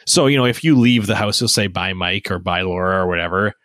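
A man in his thirties chatting casually as a podcast co-host, telling lively stories and putting on childlike quotes. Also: low-pitched, brisk, dry recording, clean studio sound. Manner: animated storytelling with childlike voiced quotes. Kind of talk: casual chat.

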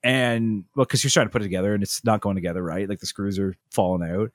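A man's voice: lowish voice, fairly even intonation, fast talker, no room sound, clean studio sound. A man, chatting casually as a podcast co-host and telling long stories with many restarts and asides. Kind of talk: casual chat.

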